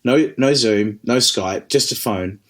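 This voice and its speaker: Lively New Zealand man telling stories. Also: mid-range voice, unhurried. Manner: lively, laughing, rambling with restarts and swearing. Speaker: interview guest, distillery managing director. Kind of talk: casual storytelling conversation.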